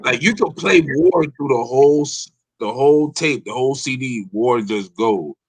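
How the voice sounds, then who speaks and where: A man's voice: medium pitch, normal speed, breathy edge, dry recording, poor audio. A man co-hosting a casual podcast chat, talking emphatically with lots of profanity. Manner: profane, emphatic, talks over others. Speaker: podcast co-host.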